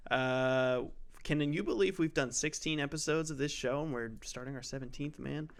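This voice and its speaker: Young guy hosting a game podcast, gravelly voice, jokey and rambly. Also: on the high side, normal speed. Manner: joking, self-deprecating, rambling. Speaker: podcast host. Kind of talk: casual chat.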